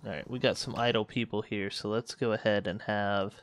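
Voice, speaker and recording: A man hosts a let's play of a space colony management game, offering casual commentary as he thinks aloud and corrects himself. His voice sits on the low side with a steady tone, moving a little fast over slight background noise.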